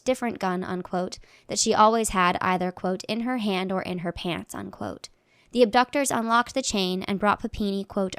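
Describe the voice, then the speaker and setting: Woman reading a legal document, measured. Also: mid-range voice, dry recording, studio quality. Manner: measured, plain delivery, marking each quotation aloud.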